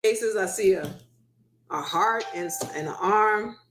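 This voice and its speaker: A woman's voice: medium pitch, unhurried, a bit bright, roomy sound, a little hiss or hum. A woman hosting a live stream, chatting casually and patiently checking whether viewers can hear her.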